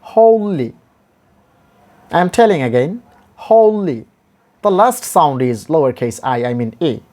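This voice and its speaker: A man teaching English vowel sounds, repeating each example word slowly and deliberately in stressed drills. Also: a little high, big pitch swings, darkish tone. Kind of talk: pronunciation lesson.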